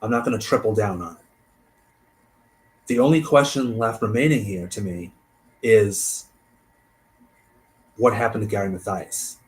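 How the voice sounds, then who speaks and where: A man hosting a stream, reading a case aloud and thinking out loud between passages, trailing off and restarting. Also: fairly low pitch, a little slow, long pauses, low-quality recording. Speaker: host.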